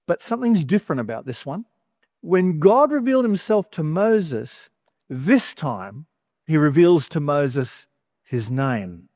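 A man's voice: a little high, sing-song, measured pace, darkish tone, no echo, clean studio sound. A man giving a conversational sermon, chatty and wry, with humorous asides between scripture readings. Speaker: preacher.

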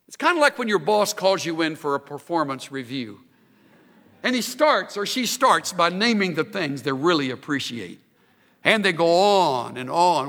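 Lively, bright-voiced preacher in a hall. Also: male voice, high voice, normal speed. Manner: emphatic, expressive preaching with rising emphasis. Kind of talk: sermon.

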